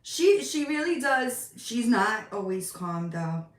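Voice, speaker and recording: A middle-aged woman with a fairly high voice chats and rambles unhurriedly through a relaxed home live stream, slipping into baby talk for her cats. She sits well back from the microphone, and the room gives her voice a roomy, echoing ring.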